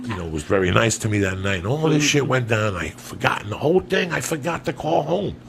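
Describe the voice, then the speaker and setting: A man's voice: mid-range voice, sing-song, brisk, creaky, a little hiss or hum. A man, a comedian and podcast host, telling a long profane story in a rambling, loose way.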